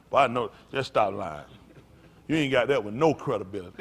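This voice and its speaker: A male pastor preaching a sermon in a folksy style, calling out to his congregation and swinging from loud, high bursts down to low, quiet lines. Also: fairly quick. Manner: animated preaching, leaps high and loud for emphasis, then drops low; folksy vernacular, calls out to the congregation. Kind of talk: sermon teaching.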